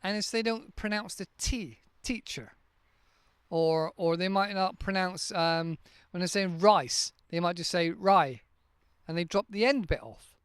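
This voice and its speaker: A man talks in a smooth, resonant voice pitched a little high for a man. He explains pronunciation patiently, sounding words out one at a time. The sound is dry and close, from a handheld microphone. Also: moderate pace, no room sound. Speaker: English teacher and podcast host. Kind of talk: casual podcast monologue.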